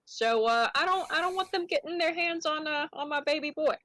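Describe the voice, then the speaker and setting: A woman's voice: sits high, expressive, fairly quick, background noise. A woman playing a tabletop game over voice chat, speaking hesitantly with many ums and sounding caring toward the other players.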